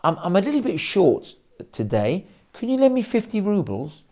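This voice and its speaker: Man doing a crafty old rabbi: slow, high, theatrical mock outrage. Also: huge pitch swings, darkish tone, heavily acted. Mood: breezy. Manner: exaggerated, drawn-out mock indignation. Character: wily older male rabbi teacher.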